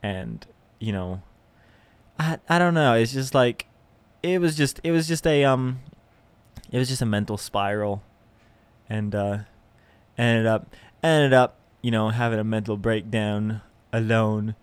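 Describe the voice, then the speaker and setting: A man's voice: on the low side, a little slow, long pauses, clear, resonant tone, dry recording. A young man hosting a casual solo podcast, rambling and self-deprecating, with plenty of fillers and restarts. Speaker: podcast host.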